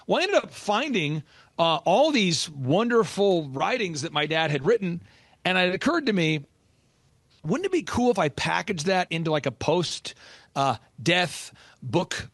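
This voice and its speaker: A man's voice: sits high, very animated, unhurried, a bit bright, no echo. A man talking as a business coach on a podcast, emphatic and urgent, repeating key lines for stress. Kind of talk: motivational podcast talk.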